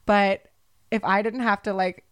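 A woman co-hosting a podcast in casual chat, animated and swearing. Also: mid-range voice, a little slow, no echo, studio quality. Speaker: podcast co-host.

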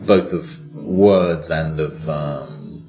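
A man's voice: extremely low pitch, fairly even intonation, drawn-out words, mellow, reverberant, soft background music. An older man from Britain, an actor being interviewed, speaking in a hesitant, self-deprecating way with many restarts. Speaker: actor guest. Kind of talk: relaxed interview chat.

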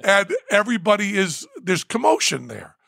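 A man co-hosting a podcast, telling a story in casual chat, animated and breaking into loud whoops. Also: high-pitched, normal speed, gravelly, no echo, clean studio sound. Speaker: podcast co-host.

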